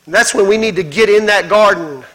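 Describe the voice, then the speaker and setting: A man preaching a sermon as pastor, fervent and rhythmic, piling up repeated phrases and building to shouts. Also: high voice, a little fast, poor audio. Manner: repetitive rhythmic exhortation.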